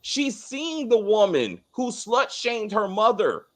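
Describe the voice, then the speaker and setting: A man's voice: sits high, sing-song, slow pace, a bit bright. A man co-hosting a casual TV review, ranting heatedly with lots of swearing and restarts. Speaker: co-host of a TV review show. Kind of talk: casual spoiler review chat.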